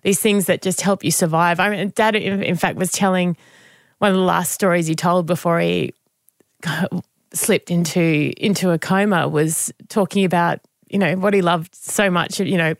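Woman in her thirties, podcast guest; gravelly edge, dry close sound, reflective and halting. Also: on the low side, no room sound. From Australia. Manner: reflective, halting, with frequent restarts. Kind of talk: candid conversational interview.

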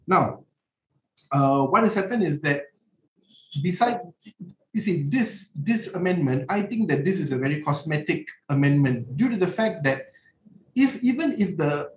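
Brief: man, lawyer guest, measured and explanatory, slightly high, roomy remote line with faint hum. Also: lively intonation. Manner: measured, explanatory, sets out numbered points. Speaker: animal rights lawyer. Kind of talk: guest on a radio interview.

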